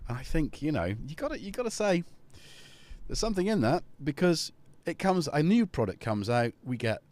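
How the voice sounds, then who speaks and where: A man's voice: a little high, big pitch swings, normal speed, a little mellow. A man hosting a casual live stream, rambling and chatty as he talks to viewers and his cat.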